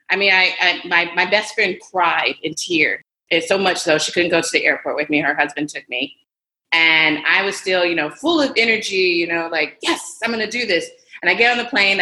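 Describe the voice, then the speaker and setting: A woman in her forties, a podcast guest, telling her story in an animated, casual way and acting out the voices of other people. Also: on the low side. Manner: animated, acts out quoted voices. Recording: roomy echo.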